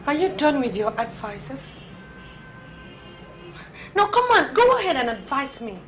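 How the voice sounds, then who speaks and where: A sarcastic young Nigerian woman with a teasing edge. Her voice is high. Film score music fills the background. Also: sing-song, unhurried. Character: sharp-tongued young woman mocking friends' advice. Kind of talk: Nollywood film acting.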